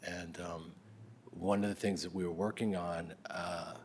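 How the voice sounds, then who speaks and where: A middle-aged man giving a spoken tribute, telling stories about his parents, sometimes loud and laughing, sometimes soft and close to a whisper. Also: low-pitched, fairly even intonation, a little slow, slight background noise. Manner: swings between loud laughing bursts and soft near-whispers. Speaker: eulogy speaker.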